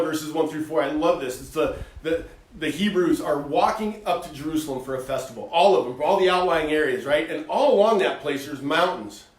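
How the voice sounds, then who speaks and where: Animated folksy man, roomy and distant. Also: fairly high pitch. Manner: animated, folksy, acts out voices. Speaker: co-host, faith talk. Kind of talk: casual preaching talk.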